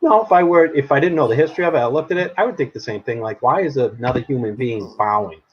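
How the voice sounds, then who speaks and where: A man's voice: mid-range voice, fast talker. Opinionated man on a lo-fi podcast. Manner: opinionated, animated, laughs often. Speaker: podcast co-host. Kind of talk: casual chat. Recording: dull lo-fi sound with faint noise.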